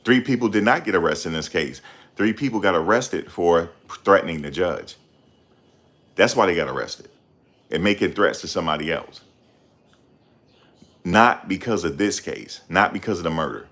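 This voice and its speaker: A middle-aged man hosting his channel, talking in a loud, confrontational, profane rant. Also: sits low, expressive, normal speed, pauses often. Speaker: channel host. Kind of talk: ranting livestream commentary.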